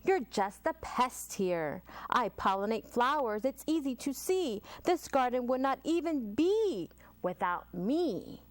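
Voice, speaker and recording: A woman's voice: a little high, very animated, slow pace, dry recording. Woman doing a buzzy snooty bee from a kids book. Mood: scornful. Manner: buzzy, scornful. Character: buzzing self-important honeybee.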